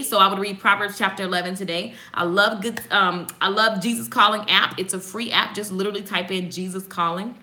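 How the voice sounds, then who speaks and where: A woman hosting a casual morning devotional. She reads passages aloud and comments on them in an animated, preachy way, speaking straight to her viewers. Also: mid-range voice. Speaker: host giving a morning devotional.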